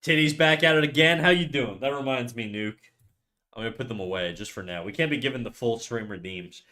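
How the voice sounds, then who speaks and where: A man's voice: mid-range voice, a little fast. Rambling male streamer muttering while drawing. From Canada. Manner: rambling, chats with viewers, drops to quiet muttering while working. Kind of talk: casual livestream chat while drawing.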